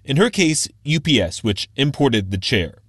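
A male radio reporter delivers a scripted news story in a measured, explanatory way. The sound is dry and close, with no room around it. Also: medium pitch, big pitch swings, fairly bright tone, husky, dry recording.

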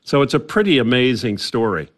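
A man's voice: medium pitch, sing-song, a little fast. A male journalist talking as a guest on a radio news interview, conversational, with frequent restarts.

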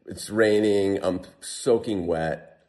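Male guest, deep register, recounting his story in an easygoing, animated way. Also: slow pace. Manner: animated, heavy use of "like". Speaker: guest telling a survival story. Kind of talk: casual storytelling.

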